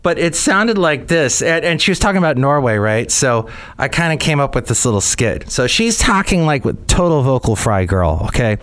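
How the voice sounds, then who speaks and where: A man's voice: medium pitch, very animated, normal speed, few pauses, fairly bright tone. A man hosting a comedy podcast, telling a rambling story with lots of repeated words. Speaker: podcast host. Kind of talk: casual comedy podcast monologue.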